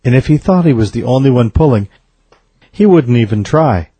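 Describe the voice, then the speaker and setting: A man voicing a calm rural farmer explaining his blind horse in a joke. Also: mid-range voice, moderate pace, slight background noise, lightly acted. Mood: nonchalant. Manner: nonchalant.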